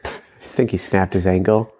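A man's voice: low-pitched, steady tone, moderate pace, dark tone. Rambling, laughing male storyteller. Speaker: podcast co-host. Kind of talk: casual chat.

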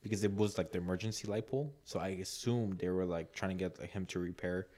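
Low-voiced guy rambling through a story on a podcast, says like a ton, does everyone's lines. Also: fast, dark tone. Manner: rambling, many "like"s, laughs a lot, acts out quotes. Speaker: podcast co-host. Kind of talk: casual storytelling chat.

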